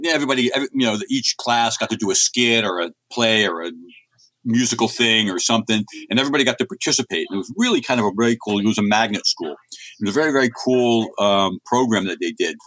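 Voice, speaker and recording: With a lowish voice, a fairly bright tone and a slightly fast delivery, a middle-aged comics writer from the United States rambles through anecdotes as an interview guest. His casual, chatty storytelling has many restarts, and there's no echo.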